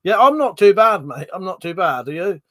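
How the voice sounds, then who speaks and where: A man's voice: sits high, big pitch swings, brisk, bright, forceful tone, no echo. Chatty man on a livestream. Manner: swears freely, chatty, reads viewer comments aloud. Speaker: livestream host. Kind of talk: casual livestream chat reading comments.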